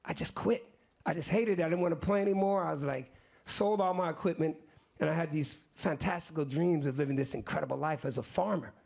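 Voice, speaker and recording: A man in his fifties, his voice gravelly and a little husky, sits slightly high for a man. He spins a long story on stage in loose slang, talking straight to the crowd now and then. He mimics the people in his tale as he tells it. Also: fairly quick. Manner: animated, acts out other people's lines in quotes; casual slang-filled talk with asides to the audience. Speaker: musician guest. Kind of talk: live storytelling to an audience.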